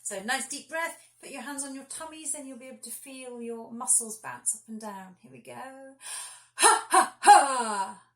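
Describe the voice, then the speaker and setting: Bright encouraging woman teacher. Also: high voice, moderate pace, few pauses. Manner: encouraging, clear instructions to children. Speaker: singing teacher. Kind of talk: children's singing warm-up lesson.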